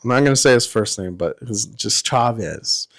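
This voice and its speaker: A middle-aged former Marine, guesting on a podcast, tells a war story in casual, profane chat, laughing as he acts out what people said. His voice is fairly low and creaky with a fairly bright tone, at a normal speed.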